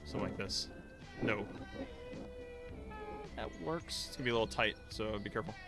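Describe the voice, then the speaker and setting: A man's voice: lowish voice, normal speed. A male streamer giving casual live gameplay commentary, muttering to himself in a self-mocking, frustrated way. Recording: game music behind.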